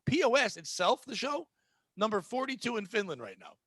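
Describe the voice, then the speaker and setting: A man's voice: high-pitched, sing-song, brisk, a bit bright, no echo. A man hosting a comedy podcast who tells stories casually, swears freely and acts out the people he quotes.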